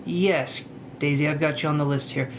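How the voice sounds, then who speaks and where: A man's voice: on the high side, steady tone, normal speed, slight background noise. A man hosting a live tarot reading stream, chatting casually, greeting viewers by name and joking about himself.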